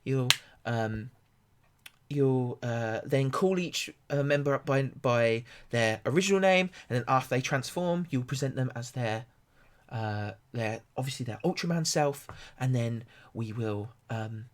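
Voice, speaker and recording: A man voicing a frantic female event producer who shouts orders in a panicked voice. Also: mid-range voice, measured pace, lightly acted. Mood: hurried.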